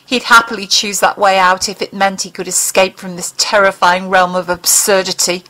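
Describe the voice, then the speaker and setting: A woman narrates an audiobook. Her reading is expressive and dramatic, at a mid pitch, and she paces the tense scene with care. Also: normal speed, few pauses, poor audio.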